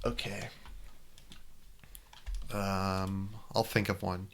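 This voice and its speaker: A man's voice: on the low side, a little slow, bright, forceful tone. A man streaming a game, trailing off into rambling, self-mocking asides about what voices to do. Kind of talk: casual gaming commentary.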